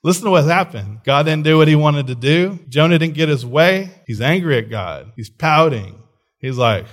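A middle-aged man delivers a sermon with lively, animated energy. He keeps checking in with his listeners, asking "right?" again and again, and laughs easily as he preaches. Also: fairly high pitch, moderate pace. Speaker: pastor.

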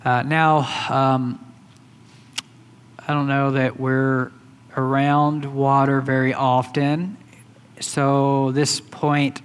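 A man's voice: mid-range voice, clean tone. A man preaching a sermon in a loose, conversational way, with many fillers and restarts. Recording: hall reverb.

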